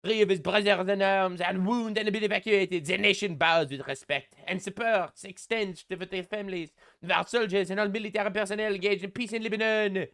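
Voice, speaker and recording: A man putting on an exaggerated French voice to read out a solemn statement from a head of state, slowly and with mockery. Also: high-pitched, fairly even intonation, fairly bright tone, smooth. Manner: slow, exaggerated mock-French reading.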